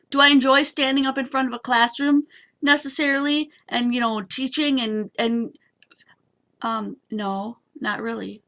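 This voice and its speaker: Pushed and bright, this high female voice belongs to a bubbly papercraft streamer. She chats with her viewers as she works through a casual live craft demonstration.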